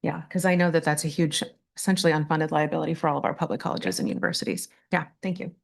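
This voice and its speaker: A committee member who voices curiosity about pension bonds in quick remarks. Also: female voice, low-pitched, steady tone, gravelly. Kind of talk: meeting comment.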